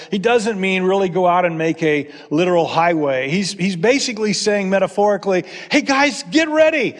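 A male pastor with a high voice preaching a sermon, earnest and pleading. He climbs to emphatic calls and then drops to soft, close appeals. His voice rings with the long reverb of a big church hall.

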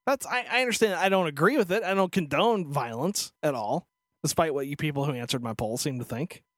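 A man's voice: a little high, a little fast, fairly bright tone, no echo, clean studio sound. A man co-hosting a casual podcast, ranting sarcastically and swearing freely. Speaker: podcast co-host. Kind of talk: casual chat.

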